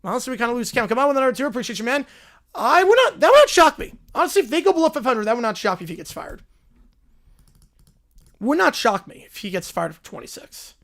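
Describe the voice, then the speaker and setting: A man hosting a live sports stream, giving quick offhand opinions and thanking his chat. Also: very high voice, big pitch swings, fairly bright tone. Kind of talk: casual live-stream chat reacting to viewers.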